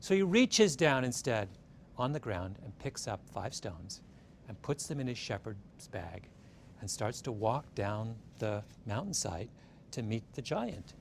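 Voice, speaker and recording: Animated man telling a story. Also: medium pitch, unhurried, creaky, slight background noise. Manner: animated, keeps checking in with "right?". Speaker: speaker retelling a story. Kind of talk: storytelling talk.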